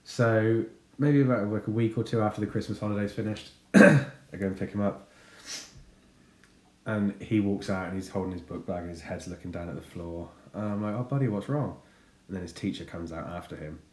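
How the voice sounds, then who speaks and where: A man's voice: on the low side, fairly quick. Sweary dad in his thirties. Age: 30s. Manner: sweary, animated, laughing storyteller. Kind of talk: casual storytelling. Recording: echoey room.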